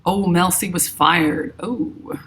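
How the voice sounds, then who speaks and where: Brief: middle-aged New York woman, low-ish voice, chatty live-stream host reading comments, faint room hum. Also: takes it slowly, fairly bright tone. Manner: chatty, reads viewer comments aloud. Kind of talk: casual live-stream chat.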